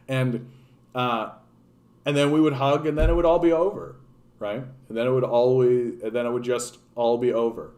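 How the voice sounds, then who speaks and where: A man's voice: medium pitch, steady tone, normal speed, darkish tone. A man hosting a casual political livestream, talking off the cuff, rambling with frequent restarts and swearing. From Canada. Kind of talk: casual unscripted commentary.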